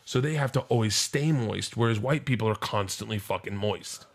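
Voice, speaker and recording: A man's voice: on the low side, normal speed, vocal fry. A man in his forties telling stand-up stories in a casual podcast chat, swearing freely and acting out the people in them. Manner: animated, profane, acts out voices in his stories. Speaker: stand-up comedian guest.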